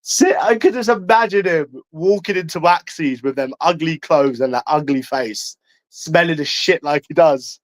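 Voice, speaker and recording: A man ranting to camera in a taunting, profane way, tagging lines with "mate" and swinging between loud and hushed. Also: on the high side, moderate pace, dry recording. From London. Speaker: vlogger.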